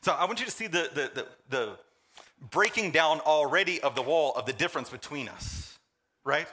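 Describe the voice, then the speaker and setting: A male pastor preaching a sermon, joking with the congregation and swinging between loud emphasis and quiet intensity. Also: a little high, animated, normal speed, slight background noise.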